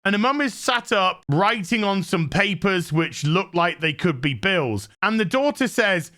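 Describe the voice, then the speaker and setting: Sardonic male reviewer, bright voice, deadpan and fed up. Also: sits high, a little slow, hardly any pauses. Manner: exasperated, sweary, deadpan mockery. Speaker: show reviewer. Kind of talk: sarcastic TV episode recap.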